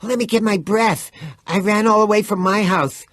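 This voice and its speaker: A man doing a panting, excitable young boy, Vern. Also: sits high, measured pace, dry recording, clean studio sound, pitched above the performer's own voice. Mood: excited. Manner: panting, urgent and earnest.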